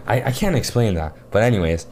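A young man co-hosting a casual podcast, talking in an animated way, groaning, laughing and exclaiming as he tells stories. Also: fairly low pitch, fast, a crowd in the background. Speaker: podcast co-host. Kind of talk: casual chat.

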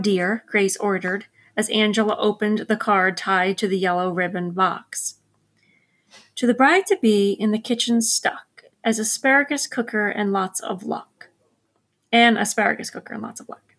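A woman narrating a mystery novel at a measured pace, briefly voicing the characters. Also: medium pitch. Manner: measured storytelling, gives characters quick voices. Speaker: audiobook narrator. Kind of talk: scripted narration.

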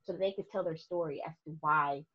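Animated woman telling stories, husky voice. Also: low-pitched, fairly quick. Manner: animated storyteller, laughs often. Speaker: guest photographer. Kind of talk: casual podcast chat. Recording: muffled lo-fi podcast audio.

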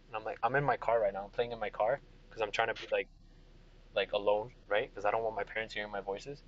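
A man's voice: on the low side, fairly even intonation, fast, highs cut off, slight background noise. A young man narrating as game master from inside his car, rambling with fillers and restarts. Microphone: computer or tablet mic.

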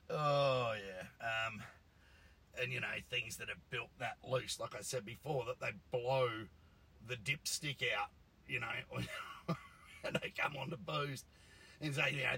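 A man's voice: mid-range voice, slow, gravelly, long pauses, pushed and bright, breathy edge, rough recording. A man, a car tuner ranting bluntly and swearing in a casual monologue. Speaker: engine tuner.

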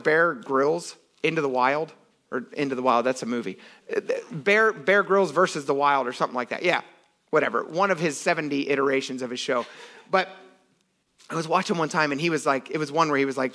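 Man, pastor, casual animated sermon, slightly higher voice, acts out quotes. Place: church sanctuary.

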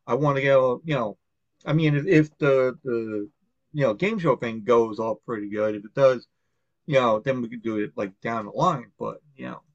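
Rambling, profane podcast host, lo-fi. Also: male voice, medium pitch, moderate pace, dry recording. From Long Island, New York. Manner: rambling and profane, with many fillers and restarts. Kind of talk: casual podcast chat. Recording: dull, lo-fi, dry sound.

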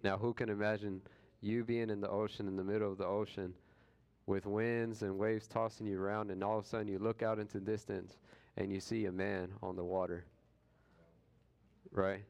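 A man with a smooth, low voice leads a relaxed Bible study. He retells scripture in casual street language and now and then slips into playful quoted voices. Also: normal speed, lo-fi sound. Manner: conversational, retells scripture in slangy everyday words; acts out quoted voices with jokes.

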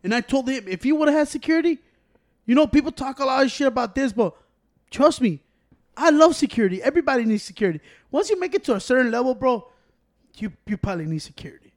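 A man chatting casually on a podcast, telling animated stories with loud acted-out quotes and lots of laughter. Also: very high voice, fast talker. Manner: animated storytelling, acts out quotes loudly; swears a lot, laughs often. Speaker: podcast co-host. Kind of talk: casual chat.

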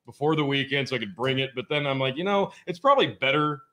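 A man's voice: mid-range voice, lively intonation, fast talker, pushed and bright. A man co-hosting a podcast, chatting casually with friends and laughing through profane banter. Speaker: podcast co-host. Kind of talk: casual group chat.

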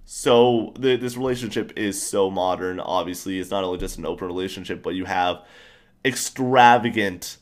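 A young man chatting casually about a TV show, enthusiastic and rambling, with animated outbursts. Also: low voice, normal speed.

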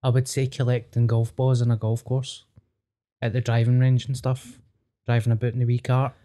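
A man's voice: mid-range voice, level tone, normal speed, warm tone. A Scottish man, a comedian guesting on a podcast, giving short, laid-back answers in casual chat.

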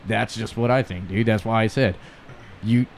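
A man's voice: fairly low pitch, fairly even intonation, moderate pace, gravelly, slight background noise. A man co-hosting a podcast, ranting in a blunt, profane, emphatic way. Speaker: podcast co-host. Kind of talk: casual podcast chat.

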